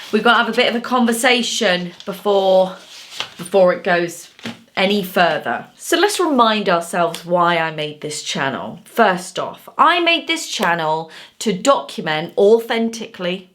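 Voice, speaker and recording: A woman, an artist hosting her own channel, chatting casually to subscribers in her home studio, expressive and quick to laugh, with frequent murmured asides. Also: medium pitch. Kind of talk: casual vlog chat to subscribers.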